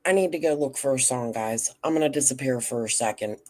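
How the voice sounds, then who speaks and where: A woman's voice: very deep voice, quick pace, a little mellow. A woman hosting a casual livestream, chatting bluntly and cussing freely with her viewers. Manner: blunt, profane, talks straight to chat. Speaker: livestream host.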